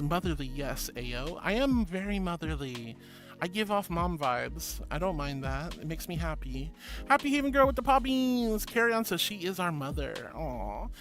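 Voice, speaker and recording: A woman streamer chatting casually and reading out viewer messages. She is affectionate and bubbly, calls everyone honey and sweetheart, and gasps with delight. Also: a bit bright. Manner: bubbly, with big gasps and swoops in pitch. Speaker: VTuber streamer.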